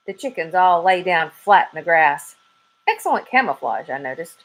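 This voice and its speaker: A woman teacher reading a children's book aloud with soft, expressive storytelling. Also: fairly low pitch, normal speed, poor audio. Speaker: 3rd grade teacher.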